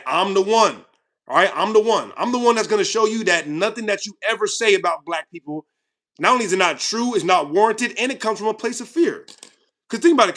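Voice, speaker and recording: Heated ranting host, man, high bright voice, confrontational. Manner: heated, confrontational, repetitive, swings loud and quiet. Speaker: channel host. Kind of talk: ranting commentary to viewers.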